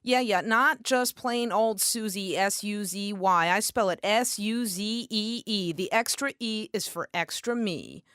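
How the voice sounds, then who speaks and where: A woman voicing a brash, nosy young female hairdresser with a loud, mocking manner. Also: mid-range voice, a little slow, hardly any pauses, smooth, no echo, studio quality, lightly acted. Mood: chatty.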